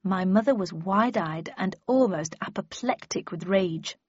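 A woman narrating a story in the first person in an even, wry manner. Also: mid-range voice, unhurried, breathy edge, dry recording, highs cut off. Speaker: audiobook narrator.

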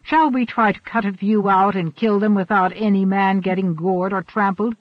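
A man reading the part of a bold, boastful young hunt leader in an audiobook, speaking loudly and defiantly. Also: high voice, measured pace, dry recording. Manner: loud, emphatic, defiant. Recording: dull, dry recording.

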